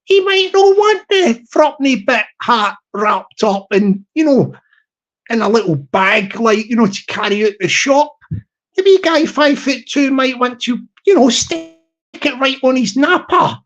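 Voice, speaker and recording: A man's voice: extremely high pitch, expressive, unhurried, fairly bright tone, highs cut off. A young man hosting a live stream, telling a rambling comic story with lots of restarts and asides.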